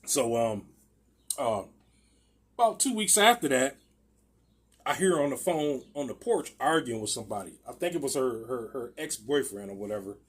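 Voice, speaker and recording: A man's voice: mid-range voice, expressive, moderate pace, breathy edge. A man casually telling a rambling, profane personal story, full of restarts and repeated words.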